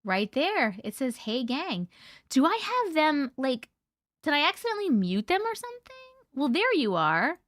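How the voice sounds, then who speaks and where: A woman's voice: high-pitched, very animated, normal speed, a bit bright, no echo. A woman hosting a casual livestream, chatting and greeting viewers by name in a bubbly way. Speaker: livestream host. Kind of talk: casual livestream chat reading comments.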